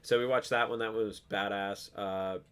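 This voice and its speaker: A man's voice: on the low side, steady tone, normal speed, a bit bright, a little hiss or hum. A man co-hosting a podcast in laid-back casual chat, swearing a lot and using many fillers. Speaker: podcast co-host.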